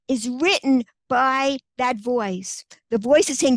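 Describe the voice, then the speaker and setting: A woman's voice: sits high, lively intonation, unhurried, dry recording. A woman talking as a guest author in an interview, earnest and acting out inner voices as she explains. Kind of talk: conversational interview.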